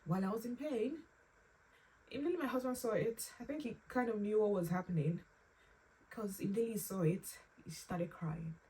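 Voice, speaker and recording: A young woman telling her own painful story to camera, halting and close to tears, with pauses and restarts. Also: medium pitch, mellow, slight background noise. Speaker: vlogger sharing a personal story. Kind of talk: emotional personal storytelling. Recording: slightly distant mic with faint room ambience.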